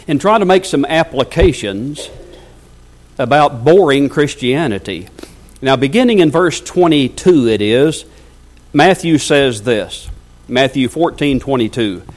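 A man delivering a sermon at a mid pitch, reading scripture passages aloud at length. He keeps turning to the congregation with rhetorical questions. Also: expressive, unhurried. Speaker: preacher.

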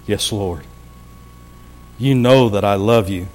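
A man's voice: lowish voice, slow, a little mellow, voice pushed down. Man reading aloud as grieving disciple, heartfelt, pleading. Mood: grieved. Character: grieving earnest male disciple, humbled.

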